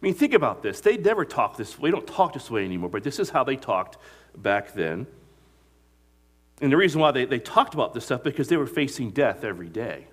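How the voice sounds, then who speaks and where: A male pastor with a mid-range, slightly bright voice preaches at a fairly quick pace, very animated. He tells stories, retells movie scenes, and poses questions the congregation answers for him.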